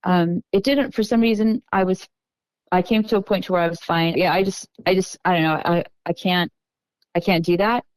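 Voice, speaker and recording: A middle-aged woman with a lowish, smooth voice tells a personal story as a podcast guest. She talks in an unhurried, halting way and often restarts her sentences. The sound is dry and close, with no room echo. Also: steady tone, a little mellow. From Texas.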